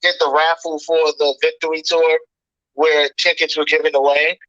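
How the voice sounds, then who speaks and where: A man's voice: a little high, little pitch movement, moderate pace, bright, forceful tone, dry recording. A man talking on a podcast, earnestly laying out his argument point by point. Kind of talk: casual chat. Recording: dry, muffled lo-fi audio.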